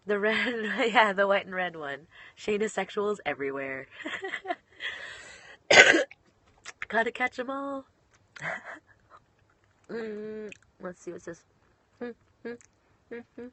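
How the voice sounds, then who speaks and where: A woman's voice: medium pitch, slow, pauses often, sharp tone. A young woman, a professional wrestler, chatting casually while answering online questions, bubbly and giggly and often trailing off mid-sentence.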